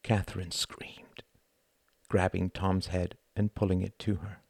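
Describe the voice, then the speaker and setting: A man who wrote the novel reads his own audiobook in a measured, expressive way. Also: deep voice, vocal fry, no echo, clean studio sound. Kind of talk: dramatic audiobook narration.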